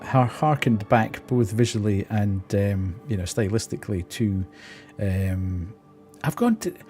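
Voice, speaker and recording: A man's voice: lowish voice, expressive, unhurried, a little mellow, soft background music. A man, streaming and telling an exasperated story in casual chat while laughing often.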